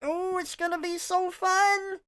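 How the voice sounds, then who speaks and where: A woman's voice: very high voice, little pitch movement, a little slow, fairly bright tone, voice pushed up. A woman putting on the voice of an overexcited, cheery female tutorial presenter, gushing and sing-song.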